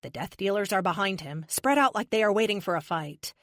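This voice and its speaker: A woman's voice: medium pitch, lively intonation, a little fast, no echo, studio quality. A woman narrating a superhero audiobook in the first person, with a wry, sarcastic touch.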